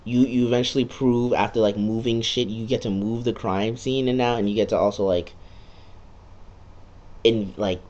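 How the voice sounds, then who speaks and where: A man's voice: lowish voice, fairly even intonation, moderate pace, darkish tone, lo-fi sound. Sarcastic, profane young-sounding man recapping a game. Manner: sarcastic, profane, jumps into quoted voices. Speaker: video game vlogger.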